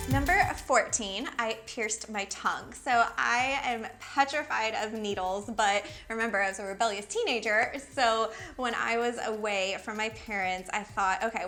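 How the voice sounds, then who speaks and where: Her voice sits on the high side with a fairly bright tone. She's a Miami-raised woman in her thirties, a fashion blogger with a Valley girl accent, chatting casually to camera and filling her talk with "like".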